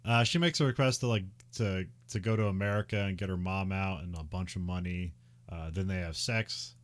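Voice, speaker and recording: A man's voice: low-pitched, steady tone, fairly quick. A man casually recapping a movie on a podcast, laughing often and slipping into mock voices for the characters. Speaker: podcast co-host.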